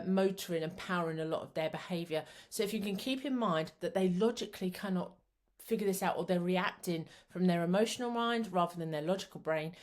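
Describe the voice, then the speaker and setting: A middle-aged woman, a psychotherapist giving a chatty, rambling talk that teaches parents. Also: fairly low pitch. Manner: chatty, rambling, self-described waffler.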